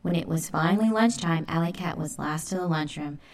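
A woman reads a children's storybook aloud with lively expression. Her voice sits a little low. The telling is clear and paced for young listeners. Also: fairly quick. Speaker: narrator.

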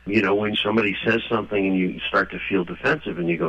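A man being interviewed, talking in a lively storytelling way and acting out the voices he quotes. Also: fairly low pitch, quick pace. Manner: animated, acts out quoted voices. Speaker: guest author. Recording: dull lo-fi radio audio.

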